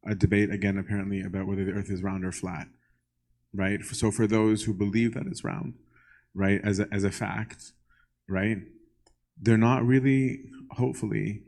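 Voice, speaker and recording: A man's voice: on the low side, a little mellow, rough recording. A young male priest answering questions in a casual, conversational way, often checking in with "right?" and acting out little exchanges. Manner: conversational, keeps asking "right?" and acts out little dialogues. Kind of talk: casual Q&A talk to a congregation.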